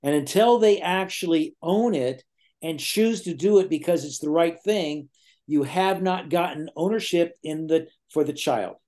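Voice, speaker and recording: A man's voice: on the high side, measured pace, darkish tone. Earnest middle-aged man explaining. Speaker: guest parenting speaker. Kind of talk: explaining a point in a podcast conversation.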